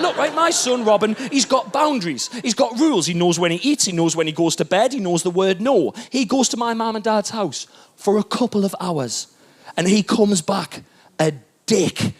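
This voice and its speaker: A man's voice: high voice, lively intonation, moderate pace, slight background noise. A man, doing a stand-up set in an exasperated, ranting manner. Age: 30s. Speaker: stand-up comedian.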